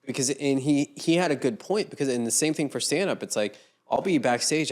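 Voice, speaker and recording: Man, podcast co-host, reflective, acts out quotes, mid pitch. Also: lively intonation, fast talker, few pauses, a little mellow. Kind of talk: casual chat.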